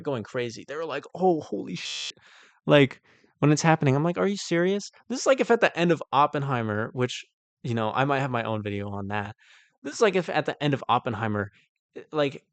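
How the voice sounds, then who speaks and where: A man reviewing a movie in a casual monologue, ranting with exasperation and then calmly breaking down shot composition, full of "like" and "um". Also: medium pitch, no echo. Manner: exasperated ranting, heavy use of "like" and "um"; calmer, analytical when breaking down shots. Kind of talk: casual film critique monologue.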